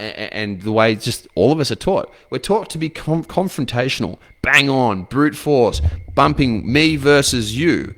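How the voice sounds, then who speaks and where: A man coaching other men with blunt, profane advice, firing off rhetorical questions. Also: medium pitch. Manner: blunt, swears freely, asks rhetorical questions. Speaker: men's coach. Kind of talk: motivational advice talk to camera.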